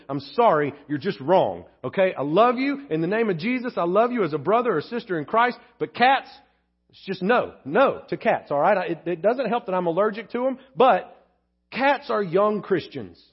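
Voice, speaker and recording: A man's voice: high voice, breathy edge. A male pastor preaching a sermon, emphatic and candid, joking with the congregation. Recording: dull lo-fi sermon recording.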